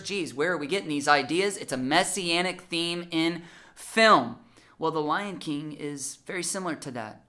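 A man preaching a sermon to his church, impassioned, stretching out key words, then shifting into lively storytelling with acted-out dialogue. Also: a little high. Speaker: pastor.

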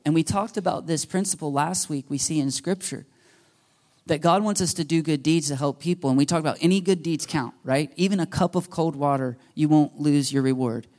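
A man's voice: on the high side, a little mellow. A man preaching a sermon to his church, talking in a conversational way, joking and acting out little quoted voices. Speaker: pastor.

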